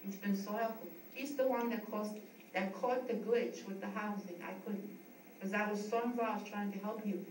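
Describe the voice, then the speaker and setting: A woman's voice: medium pitch, fairly even intonation, normal speed, a little mellow. Rambling middle-aged woman, distant and echoey. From US East Coast. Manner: rambling, with frequent restarts. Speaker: yoga school founder giving a tribute. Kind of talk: heartfelt speech to an audience. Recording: echoey room, distant mic, noisy.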